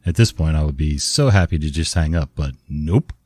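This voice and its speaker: A man's voice: extremely low pitch, lively intonation, moderate pace, darkish tone, no echo. A man who works a help desk, telling stories casually with exasperated, sarcastic asides. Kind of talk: casual storytelling.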